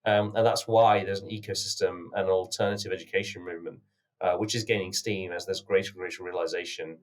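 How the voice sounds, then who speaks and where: Low-voiced British man, earnest guest. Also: fairly even intonation. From United Kingdom. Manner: measured and earnest, many "you know" fillers. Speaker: podcast guest, company founder. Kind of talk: conversational interview answers.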